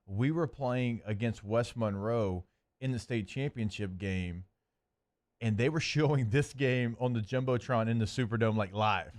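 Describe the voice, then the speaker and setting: A man co-hosting a sports radio show, telling animated stories about past games with lots of "like". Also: mid-range voice, unhurried. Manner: animated storytelling, fillers like "like". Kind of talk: casual sports radio chat.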